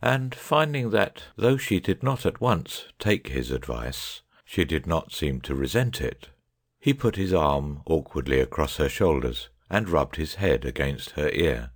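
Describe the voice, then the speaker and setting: Very deep-voiced man reading an audiobook. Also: big pitch swings, a little slow. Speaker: audiobook narrator. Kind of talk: audiobook narration.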